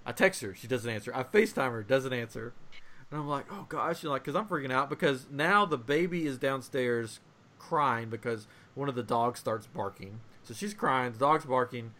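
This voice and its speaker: A young man on a podcast telling a long family story in casual chat, animated and laughing as he acts out voices. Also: medium pitch, moderate pace. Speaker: podcast host.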